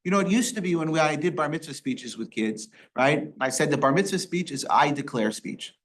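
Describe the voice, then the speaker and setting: A rabbi leading a Torah study class, asking rhetorical questions and quoting Hebrew verses. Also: male voice, on the high side, expressive, brisk, a bit bright. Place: synagogue classroom.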